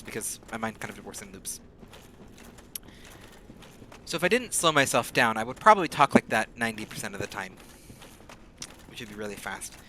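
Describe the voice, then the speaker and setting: A man chatting casually while streaming a game, rambling and often speeding up into rapid talk. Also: mid-range voice. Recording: steady background noise.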